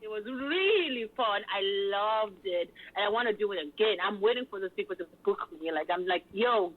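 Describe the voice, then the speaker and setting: A woman's voice: mid-range voice, a little fast. Hyped-up woman MC on a tinny line. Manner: animated, hyped storytelling with many fillers. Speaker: event host and MC. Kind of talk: lively interview chat.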